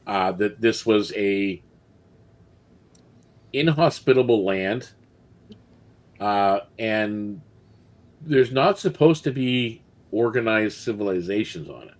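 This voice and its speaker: Low-voiced guy running a tabletop game, slow, lots of ums. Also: animated. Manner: unhurried, hesitant, many ums. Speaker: game master.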